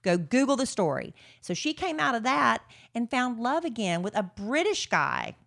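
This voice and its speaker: A woman's voice: fairly high pitch, very animated, moderate pace, vocal fry, a bit bright. A woman co-hosting a podcast in casual, chatty talk with a teasing edge. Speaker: podcast co-host. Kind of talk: casual chat.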